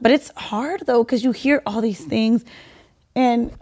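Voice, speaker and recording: A young adult woman co-hosting a casual, faith-based podcast, talking earnestly and animatedly with quick bursts and soft drops. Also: a little high. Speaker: podcast co-host.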